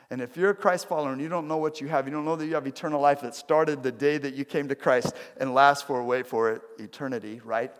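A man's voice: medium pitch, in a large hall. A man preaching a conversational sermon, asking his listeners direct questions. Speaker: pastor.

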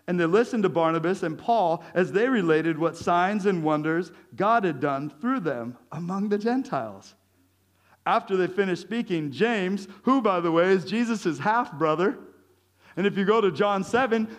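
A male pastor giving a conversational sermon, lively and joking, with chuckles between his points. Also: sits high.

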